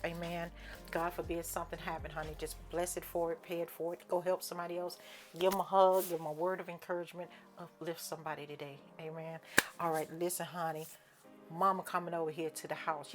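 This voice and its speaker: Folksy, lower-pitched woman cooking host. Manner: folksy, calls listeners honey and child, preachy amens; lively, playful hype. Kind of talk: casual cooking video chat.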